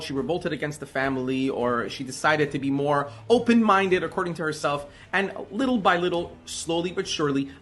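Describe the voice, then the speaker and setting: A man telling a religious story in an animated, emphatic way, with sudden swings in loudness. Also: a little high.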